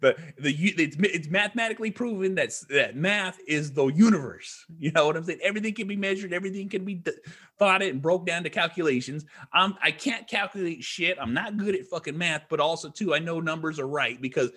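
A man's voice: a little high, expressive, fairly quick, bright, forceful tone, slightly rough. A man who is a podcast guest, telling a rambling, profane story in casual chat.

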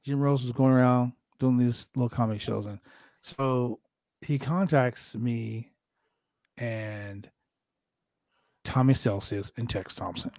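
A man's voice: medium pitch, slow pace, long pauses, no room sound. A man co-hosting a wrestling podcast, swearing freely and telling loose, rambling stories in casual chat. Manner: profane, storytelling, animated.

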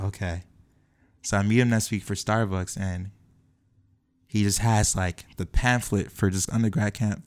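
A young man animatedly telling a personal story, acting out the quoted lines of the people in it. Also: fairly low pitch. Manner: acts out quoted dialogue, quick and lively. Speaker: guest telling his story.

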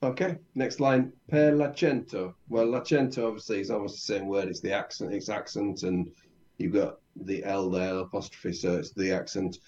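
A man's voice: fairly low pitch, steady tone, moderate pace, darkish tone, muffled recording. A man learning the language, reading lines aloud and working through translations in a casual lesson, with light jokes. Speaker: Italian learner, co-host.

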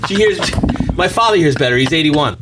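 A man's voice: on the high side, a little fast, noisy background. A middle-aged man, a bail bondsman, telling anecdotes on a podcast and acting out the dialogue in them. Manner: animated anecdote teller, acts out dialogue. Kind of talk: podcast storytelling.

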